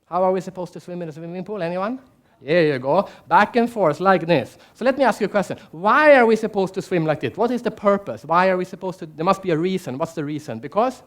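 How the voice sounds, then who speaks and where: A man's voice: high-pitched, a little fast. A man giving a keynote speech at a conference, telling stories, putting questions to the audience and acting out the quotes. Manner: animated storyteller, asks the audience questions, acts out quotes. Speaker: keynote speaker. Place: large conference hall.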